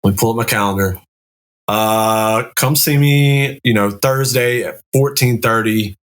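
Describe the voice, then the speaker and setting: Male Navy chief guest, lowish voice, blunt, profane, explains at length. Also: steady tone, normal speed. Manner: candid, profane, explaining step by step. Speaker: podcast guest, Navy command master chief. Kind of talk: casual podcast chat.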